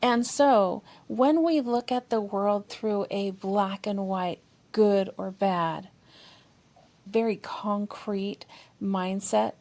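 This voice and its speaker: A woman therapist speaks slowly, her pitch medium, while chatting as a guest on a podcast. She's expressive and explanatory, occasionally voicing what partners might be thinking.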